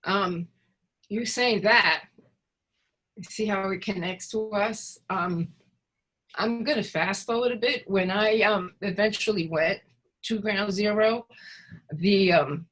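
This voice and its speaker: A woman recovery worker telling her own story, hesitant with frequent pauses and fillers. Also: mid-range voice, a bit bright, poor audio. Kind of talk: personal storytelling in a conversation.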